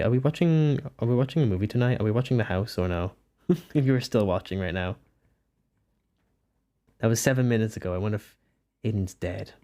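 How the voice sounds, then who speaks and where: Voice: mid-range voice, dark tone. A nineteen-year-old streamer chatting casually on a live stream while drawing, giggly and self-mocking. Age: about 19.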